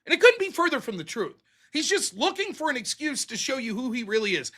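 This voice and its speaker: A man's voice: very high voice, big pitch swings, quick pace, bright, forceful tone. A man hosting a live stream, ranting in a heated, profane, sarcastic way and mocking others in put-on voices. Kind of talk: ranting commentary.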